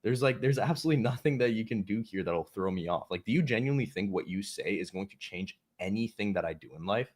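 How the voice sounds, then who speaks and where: A man's voice: on the low side, animated, fast, few pauses. A man hosting a casual livestream chat. He talks bluntly and swears often, ranting straight at his viewers. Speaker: livestream host.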